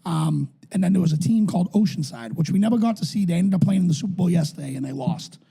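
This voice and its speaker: A New England man in his thirties who co-hosts a podcast and coaches youth football tells meandering, profanity-laced stories in casual conversation, his voice higher than his build would suggest. He talks quickly, with a gravelly yet warm tone.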